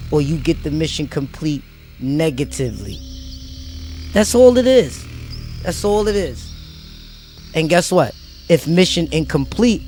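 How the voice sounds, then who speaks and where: A man's voice: a little high, a little mellow. A man vlogging, delivering an emphatic, preachy motivational rant full of street slang and repeated phrases.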